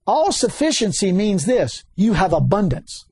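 A man preaching a sermon, animated and chuckling often, repeating key words and rising to sudden high exclamations. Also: measured pace, husky.

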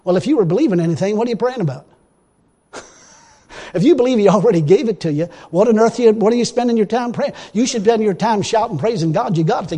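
A man preaching a sermon in a folksy, emphatic way, breaking into loud exclamations. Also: high voice, animated, fast talker, husky. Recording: long reverb of a hall.

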